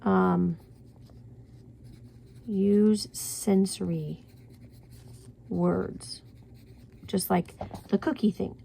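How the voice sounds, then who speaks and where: A woman's voice: medium pitch, fairly even intonation, extremely slow, vocal fry, long pauses, warm tone, slight background noise. A woman teaching a writing class, chatty and self-correcting, sometimes dropping to a whisper for her examples.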